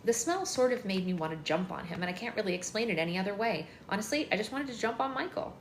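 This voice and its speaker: A woman's voice: medium pitch, animated, quick pace. A woman hosting a book club livestream, reading a novel aloud in a chatty first-person narrating manner, indoors. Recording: echoey room with faint noise.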